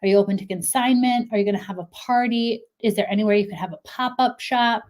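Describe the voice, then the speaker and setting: Woman, 30s, consultant type, mid-pitched, chatty and encouraging, a little breathless. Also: fast talker, a little mellow. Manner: chatty, encouraging, frequent fillers. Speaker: clothing brand consultant. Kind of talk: casual advice talk to camera.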